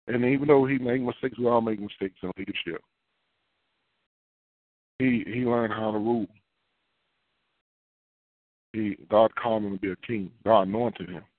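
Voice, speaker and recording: A man's voice: fairly low pitch, fairly even intonation, a little slow, long pauses, no room sound. A man preaching a sermon in a conversational, repetitive style with folksy asides. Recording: dry, phone-like narrow sound.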